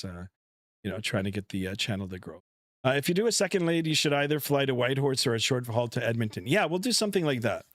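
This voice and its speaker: A man's voice: medium pitch, no room sound. A middle-aged man talks casually into a headset mic, rambling through his setup with lots of "uh"s. His voice is dry and close, with no room around it. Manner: relaxed, rambling, many fillers. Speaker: flight sim streamer. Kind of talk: casual live-stream chat. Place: home room.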